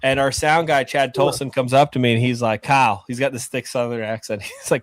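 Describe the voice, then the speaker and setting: A film director in casual podcast chat, telling anecdotes and acting out the people in them. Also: male voice, medium pitch, a little fast, hardly any pauses, no room sound. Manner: animated storyteller, acts out voices in anecdotes.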